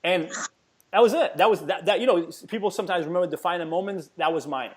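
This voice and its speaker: A man in his forties telling a story as a podcast guest in an energetic, emphatic way, often repeating words. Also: high voice, racing, breathy edge. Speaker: podcast guest, fitness entrepreneur. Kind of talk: casual storytelling interview.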